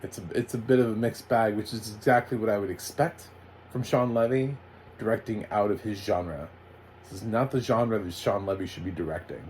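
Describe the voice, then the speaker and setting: Brief: male reviewer, lowish voice, sarcastic and rambling, faint hiss behind. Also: a little fast, darkish tone. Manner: sarcastic, rambling, frequent fillers and restarts. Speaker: TV recap reviewer. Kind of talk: casual spoken review.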